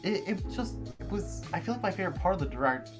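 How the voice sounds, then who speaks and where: A man hosting a casual gaming podcast, steering the talk in an animated way. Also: high-pitched, quick pace, music in the background. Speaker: podcast host.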